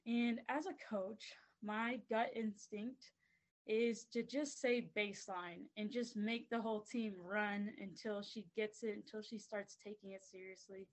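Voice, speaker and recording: An earnest woman speaks as a coach giving a faith-based motivational talk. She leans on repeated phrases to build a steady, emphatic rhythm. Her pitch sits in the middle range for a woman. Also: a little slow, poor audio. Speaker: basketball coach and guest speaker.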